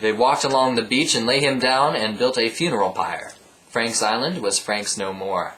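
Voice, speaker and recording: A man reading a comic storybook aloud with deadpan ad-libbed asides. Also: mid-range voice, moderate pace, poor audio. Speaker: reader.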